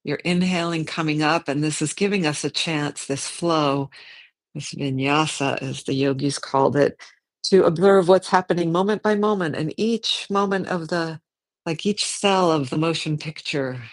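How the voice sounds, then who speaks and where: Gentle yoga teacher thinking aloud. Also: mid-range voice. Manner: gentle, unhurried, thinks aloud and corrects themself. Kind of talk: guided yoga and meditation class.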